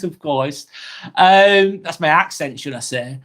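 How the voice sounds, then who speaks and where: A man hosting a slow, rambling live-stream vlog, reading out viewer comments with many fillers and apologies, a little under the weather. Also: fairly high pitch, a bit bright. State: slightly under the weather, occasional cough.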